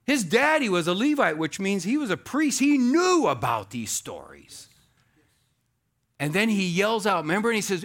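A man preaching a sermon as pastor, animated, swinging between loud exclamations and hushed asides. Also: sits high, moderate pace.

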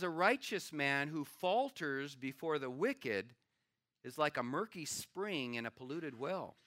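An older man, a pastor, preaching a sermon with animated storytelling and acted-out quotes. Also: fairly high pitch, dry recording, studio quality.

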